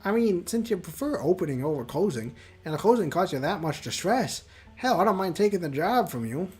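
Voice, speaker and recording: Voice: medium pitch, sing-song, fairly quick, a little mellow, faint music behind, close to an everyday voice. A streamer putting on an easygoing Scottish young man. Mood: friendly. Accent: Scottish, put on. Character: kind young male coworker with a Scottish lilt. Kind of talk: voicing a game character.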